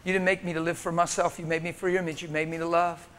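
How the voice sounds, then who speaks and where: An American man preaching a sermon in a church, impassioned, swinging from loud urging to hushed tones. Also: fairly high pitch, little pitch movement, quick pace, clean tone. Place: church sanctuary.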